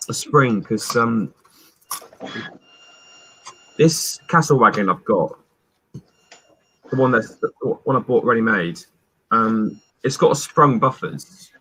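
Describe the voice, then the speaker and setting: A man chatting casually on a modelling live stream, halting and repeating himself with fillers. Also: mid-range voice, lively intonation, pushed and bright, husky, poor audio.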